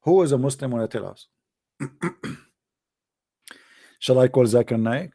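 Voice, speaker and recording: A man hosting a call-in show alone, taunting absent callers in broken English and sing-song repetition, often clearing his throat. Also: medium pitch, unhurried, dark tone, no room sound, clean studio sound. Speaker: host of a call-in religious debate show. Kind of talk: live call-in show monologue.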